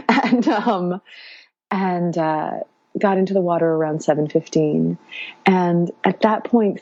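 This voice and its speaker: A woman tells her own story in a low, mellow voice, pausing often with fillers and restarting her sentences. The recording is dry and a little dull. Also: no room sound. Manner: warm, halting, many fillers and restarts. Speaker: podcast guest telling her birth story. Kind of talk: casual storytelling.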